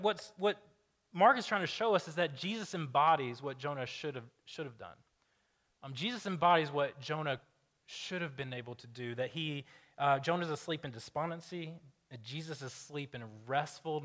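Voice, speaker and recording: A man with a mid-range voice, a pastor, gives a lively, casual sermon that feels like a conversation. He asks his listeners questions and imitates the voices of the people he quotes.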